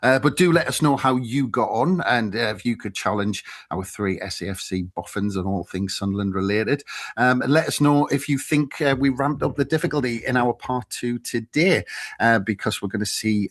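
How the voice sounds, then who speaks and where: Chatty man hosting a quiz. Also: mid-range voice. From North East England. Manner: chatty, many fillers. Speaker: quiz host. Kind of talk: casual podcast chat.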